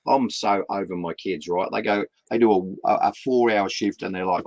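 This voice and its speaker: A man's voice: lowish voice, normal speed, darkish tone, no echo, low-quality recording. An Australian man in his fifties, a guest in an interview, talking with passion, repeating words and pushing his point with rising emphasis. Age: 50s. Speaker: guest, community partnerships founder.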